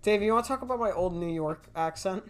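A woman's voice: mid-range voice, fast talker. A woman co-hosting a casual online podcast, brash and teasing, swearing freely into a desk mic. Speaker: podcast co-host. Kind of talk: casual group chat over a call. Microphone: desk mic with webcam.

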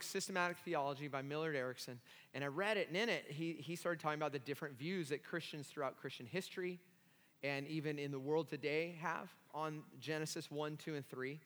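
A man pastor preaching an animated, self-deprecating sermon with many restarts in a church hall. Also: on the high side.

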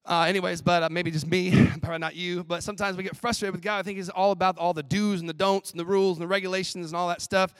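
A man who is a professor preaching a chapel sermon in an animated, playful way. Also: high voice, quick pace, hardly any pauses, clear, resonant tone. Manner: animated, playful, acts out skits with laughs. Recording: long hall reverb.

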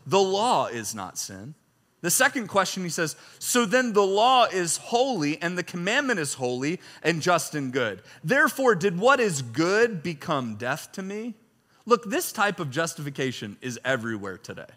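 Male pastor, sermon delivery, animated and bright, reads scripture with force, laughs between points. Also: high-pitched, normal speed, big-room sound. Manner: animated preaching, reads scripture loudly, jokes and chuckles.

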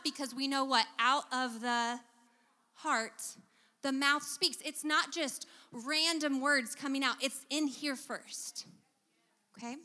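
A woman's voice: high-pitched, fairly even intonation, takes it slowly, pushed and bright. A middle-aged woman, teaching a church congregation about relationships and quizzing them as she goes. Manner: teacherly, engages the audience with questions. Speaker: guest speaker at a church service. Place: church sanctuary. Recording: church hall reverb.

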